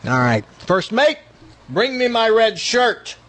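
A man voicing a calm, weary male ship captain in a told joke, with a husky voice. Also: very high-pitched, slow, voice pushed up, full character voice. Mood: commanding.

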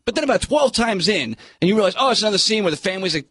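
A man's voice: high-pitched, expressive, rapid-fire, few pauses, fairly bright tone, slightly rough, no room sound. A man reviewing a film in casual chat, blunt and sarcastic in his opinions. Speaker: movie critic.

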